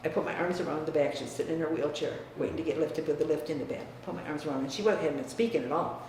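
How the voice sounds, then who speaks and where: An older woman from the US Midwest, reminiscing about her family in a frank, emphatic way that often drops quiet. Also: deep voice, rapid-fire. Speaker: interviewee. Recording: echoey room, distant mic, faint hiss.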